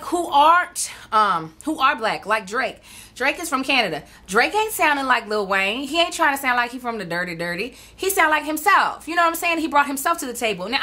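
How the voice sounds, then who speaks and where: A woman hosting her own vlog, talking straight to her viewers in a sassy, animated, casual way. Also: high-pitched, quick pace. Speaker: vlog host.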